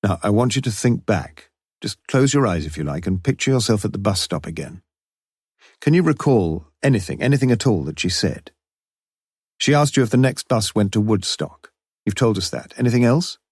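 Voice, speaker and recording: A man voicing a shrewd, wry male police inspector in an audiobook, coaxing and quietly commanding. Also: lowish voice, expressive, moderate pace, breathy edge, no room sound, clean studio sound. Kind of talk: audiobook character voice.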